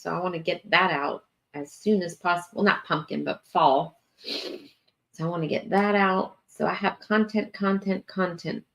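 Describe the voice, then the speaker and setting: Woman, livestream host, tired, rambling casual chat, fillers, lowish voice. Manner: chatty, drawn-out, lots of fillers and yawning. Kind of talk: casual live chat with viewers.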